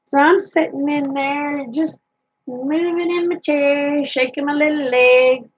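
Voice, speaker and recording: A woman's voice: sits high, fairly even intonation, slow, dull audio. A woman vlogger telling funny stories from her childhood in a folksy, chatty way. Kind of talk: casual storytelling.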